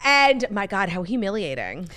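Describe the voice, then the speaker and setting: Speaking at a normal speed in a mid-range voice, a young woman co-hosts a podcast and swaps gossip in casual talk. Her stories are animated and sprinkled with lots of "like"s.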